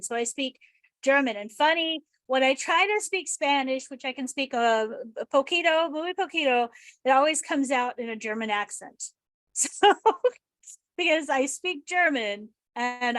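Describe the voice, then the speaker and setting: A woman's voice: on the high side, a bit bright, no room sound. Chatty American woman hosting, dry sound. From United States. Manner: chatty, rambling, laughs easily. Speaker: podcast host. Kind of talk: casual remote interview chat. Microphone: online call.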